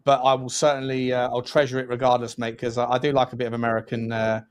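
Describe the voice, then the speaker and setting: A man's voice: mid-range voice, monotone, fast, clean tone. A young man co-hosting a live football watch-along, chatting casually and often laughing. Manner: chatty, lots of fillers and restarts, laughs often. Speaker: co-host.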